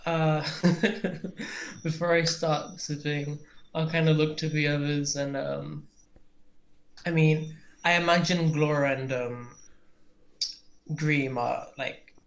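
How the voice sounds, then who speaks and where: Slow, hesitant tabletop player. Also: medium pitch, steady tone. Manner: slow, hesitant with many fillers. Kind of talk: casual tabletop play.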